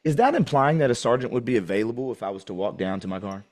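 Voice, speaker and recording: A man's voice: medium pitch, animated, fast, a little mellow. A man questioning an officer in a deposition, pointed and pressing, repeating his questions.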